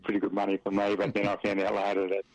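On dry, dull lo-fi radio audio with no echo, a middle-aged Western Australian man rambles through football-career stories in an interview, chuckling and using plenty of fillers. He talks fast, his voice on the low side and completely flat.

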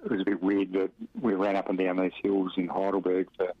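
Dry, dull lo-fi radio audio without echo carries a middle-aged Western Australian man telling football stories in a rambling, easygoing interview. His voice is low-pitched and monotone and fairly quick, with frequent fillers and chuckles.

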